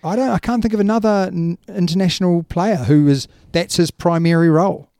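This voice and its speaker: A man talks rugby in a loose, emphatic way, full of yeahs and you knows. His voice sits a little high but has a mellow, warm tone. The sound is dry and close. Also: brisk, no echo. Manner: chatty, emphatic, lots of yeah and you know. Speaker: rugby podcast co-host. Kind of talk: casual sports chat.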